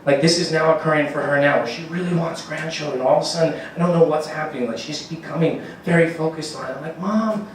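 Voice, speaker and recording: A man's voice: fairly high pitch, fairly even intonation, fast, few pauses, a little hiss or hum. A man in his thirties doing a rambling, profane stand-up set, acting out his stories in raised voices. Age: 30s. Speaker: stand-up comedian. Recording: very echoey room, mic from a distance.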